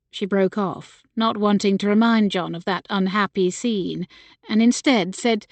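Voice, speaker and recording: A woman narrating a historical novel as an audiobook in a measured, expressive storytelling style. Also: mid-range voice, dry recording.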